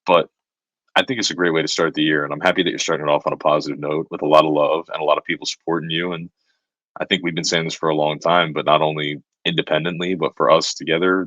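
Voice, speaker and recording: Very deep-voiced young man, dry sound. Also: fairly bright tone, dry recording, muffled recording. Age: young adult. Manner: reflective, earnest encouragement. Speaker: co-host. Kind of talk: casual chat.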